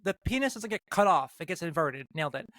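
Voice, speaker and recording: A woman's voice: lowish voice, big pitch swings, quick pace, fairly bright tone, no room sound. A trans woman co-hosting a podcast, chatting casually, swearing often and restarting her sentences a lot. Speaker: podcast co-host. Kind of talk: casual chat.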